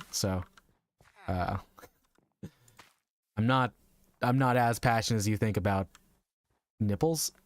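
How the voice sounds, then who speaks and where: A man's voice: on the low side, no echo. Chatty young man streaming a game. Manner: chatty, rambling, laughs often, talks to chat. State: strained voice. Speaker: VTuber streamer. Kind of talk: casual live game stream chat.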